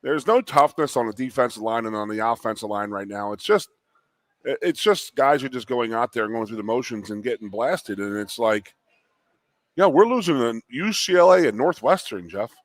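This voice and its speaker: A man's voice: mid-range voice, normal speed, no room sound. Worked-up man on sports talk. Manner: animated, worked up, repetitive restarts. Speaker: co-host, former player. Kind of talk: sports talk show chat.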